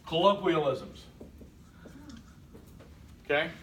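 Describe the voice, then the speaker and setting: A man with a drawl gives a lively classroom lecture, joking with his students and checking in with them. His voice sits a little high. A faint hum of noise runs under it in the classroom. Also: slow. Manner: animated, joking, keeps checking in with "okay?". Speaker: college instructor.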